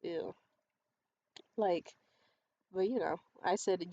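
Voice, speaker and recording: A woman vlogger tells a personal story in a candid, profane and animated way. Her voice carries a noticeable gravelly fry. The recording sounds slightly dull, with a faint hiss underneath. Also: fairly low pitch, brisk. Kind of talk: storytime monologue.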